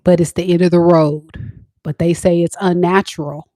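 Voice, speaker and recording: A playful woman tarot reader chats and teases her viewers in a loose, casual reading. Her voice sits low for a woman and sounds dry and close. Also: steady tone, normal speed, warm tone, no room sound. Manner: playful, chatty, teasing viewers.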